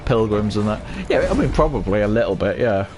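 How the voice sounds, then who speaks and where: A man's voice: fairly low pitch, very animated, fairly quick, a little mellow. A man casually musing aloud while commenting on a video game, rambling and laughing at himself. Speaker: gaming streamer. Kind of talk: casual commentary over gameplay. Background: game music.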